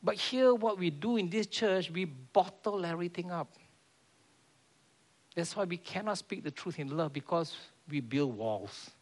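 A man's voice: high-pitched, animated, unhurried. A man preaching a sermon in a church, earnest and repeating his key phrases.

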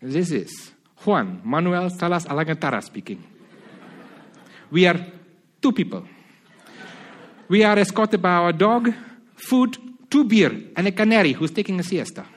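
A preacher plays a stubborn Spanish lighthouse keeper: put-on Spanish accent, raised voice, loud and unbudging. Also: male voice, high-pitched, a little slow, long pauses, pitched above the performer's own voice. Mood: defiant. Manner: loud, insistent, mocking calm. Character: defiant Spanish lighthouse keeper, adult man. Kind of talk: reading a story aloud in a sermon.

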